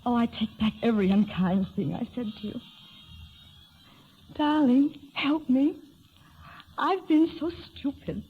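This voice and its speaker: High-voiced young heiress facing death, played by a woman, breathless, pleading, dull old radio recording. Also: unhurried, pauses often, a little hiss or hum, close to an everyday voice. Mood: yearning. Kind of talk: 1930s radio drama acting.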